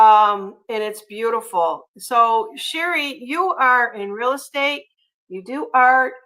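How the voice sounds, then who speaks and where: A chatty woman hosts a casual livestream, reading viewer comments aloud. Her voice sits a little high and sounds bright and forceful, and she fills her pauses with ums and uhs. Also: low-quality recording. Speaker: livestream host.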